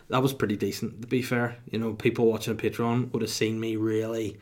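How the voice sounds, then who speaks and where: A man's voice: fairly low pitch, little pitch movement, brisk, hardly any pauses, darkish tone. A man, rambling through a casual solo podcast monologue with crude, self-mocking humor. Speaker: podcast host.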